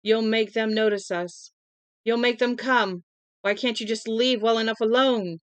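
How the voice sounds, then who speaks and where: A woman's voice: on the high side, fairly even intonation, a little slow, clean tone, no echo, close to an everyday voice. A woman reading the pleading lines of a frightened, anxious woman.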